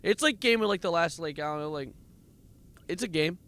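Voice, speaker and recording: A man's voice: a little high, animated, brisk, fairly bright tone, a little hiss or hum. A man streaming a game live, nervously muttering coordinates, reading chat and breaking into sudden exclamations. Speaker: livestreamer playing a game.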